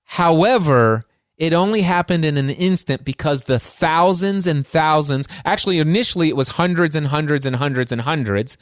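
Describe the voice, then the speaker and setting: A middle-aged man hosts his own podcast as a lively storyteller, stacking repeated words to drive points home. His voice sits a little high for a man. The recording is dry, with no room sound. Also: normal speed, no room sound. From Northern Kentucky, USA. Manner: animated, piles up repeated words for emphasis. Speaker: podcast host and coach. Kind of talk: storytelling monologue.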